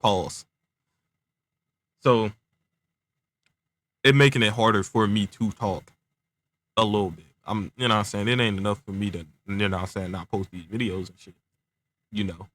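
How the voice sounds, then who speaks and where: Young male storyteller, low-pitched, relaxed and rambling, slightly stumbling speech from aligners. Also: moderate pace, long pauses, no echo. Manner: laid-back slang, constant filler phrases, stuttering. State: talking around clear aligners. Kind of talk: casual improvised storytelling.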